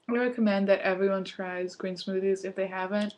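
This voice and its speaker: A woman's voice: medium pitch, fairly even intonation, measured pace, long pauses, darkish tone. A young woman chatting casually through a home recipe vlog, laughing often and sometimes talking with her mouth full. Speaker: vlogger.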